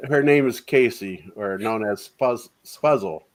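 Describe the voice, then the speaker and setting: A man's voice: lowish voice, a little slow. A middle-aged man hosting a casual livestream chat, joking at his own expense in a laid-back way. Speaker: host.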